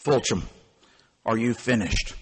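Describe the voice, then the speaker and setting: A man voicing a weary elderly night auditor, speaking slowly and sternly. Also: breathy edge, in a large hall. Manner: slow, low, stern and tired. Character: sorrowful elderly German Jewish night auditor, weary and blunt.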